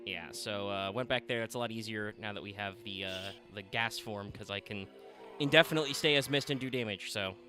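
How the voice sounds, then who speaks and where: A man's voice: fairly low pitch, brisk, bright, forceful tone, soft background music. Chatty male game streamer. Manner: chatty, addresses chat, swears casually. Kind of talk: casual livestream gaming chat.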